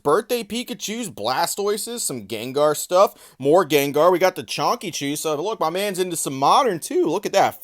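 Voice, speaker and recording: Male vlogger, slightly high voice, sarcastic and profane, casual commentary. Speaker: trading card commentator.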